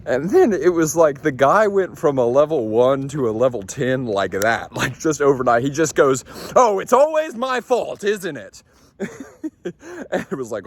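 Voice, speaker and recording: Chatty man coaching on relationships. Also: mid-range voice. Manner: conversational, many fillers and restarts. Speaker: leadership coach. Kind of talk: casual storytelling talk.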